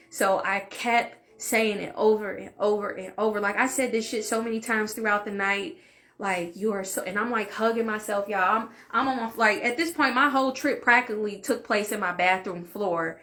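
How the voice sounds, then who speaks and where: A woman's voice: medium pitch, a bit bright. A young adult woman vlogger telling a candid, emotional personal story in casual conversational talk, with fillers and asides. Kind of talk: storytime vlog.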